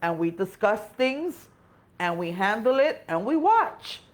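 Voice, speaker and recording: A woman's voice: mid-range voice, very animated, measured pace. A woman with a Spanish accent, co-hosting a casual live stream, chatty and sympathetic, talking in short run-on phrases. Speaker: co-host.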